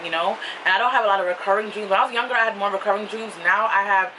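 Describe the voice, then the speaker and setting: A young woman with a New York accent telling a story to camera in a casual, animated way, laughing and jumping into high excited voices. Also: racing, recorded from a distance, a little hiss or hum, poor audio. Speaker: vlogger.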